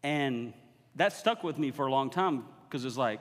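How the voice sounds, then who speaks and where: A man's voice: medium pitch, animated, normal speed. A man preaching a sermon as guest preacher, talking conversationally and building to emphatic exhortation. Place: church sanctuary. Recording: long hall reverb.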